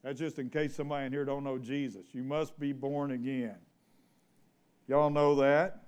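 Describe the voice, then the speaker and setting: A man's voice: a little high, a little mellow, smooth. A man preaching an informal sermon to a small church, reading scripture and asking the congregation questions in a folksy, conversational way. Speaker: pastor.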